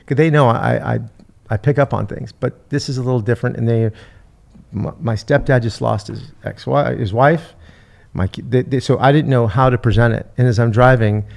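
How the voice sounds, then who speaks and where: Casting: middle-aged male podcast host, gravelly, halting, emotional storyteller. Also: mid-range voice, darkish tone. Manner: halting, repeats words, retells talks with his mother.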